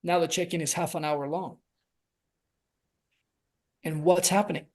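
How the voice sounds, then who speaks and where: Earnest man, slow weighty emphasis. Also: high-pitched, a little mellow. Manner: earnest, slows down to stress key words. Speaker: relationship coach, podcast guest. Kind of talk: reflective conversational podcast talk.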